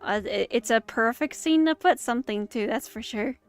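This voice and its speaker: A woman's voice: fairly high pitch, moderate pace, smooth, faint music behind. A woman streaming a movie watch-along, chatting casually with rambling asides and self-interruptions. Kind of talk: casual live commentary. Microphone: streaming setup.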